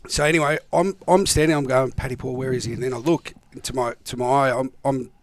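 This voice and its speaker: A man's voice: medium pitch, quick pace, no echo. A man with an Australian accent, a former footballer telling stories as a guest in a casual chat, acting out what people said. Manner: animated yarn-spinning, acts out quotes. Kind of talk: casual storytelling.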